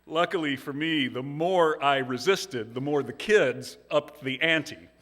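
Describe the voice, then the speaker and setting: Guy minister preaching, warm storytelling with jokes on himself, long church echo. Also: a little high, a little slow. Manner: earnest storytelling with self-deprecating humor. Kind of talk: sermon. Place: large church sanctuary. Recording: long hall reverb.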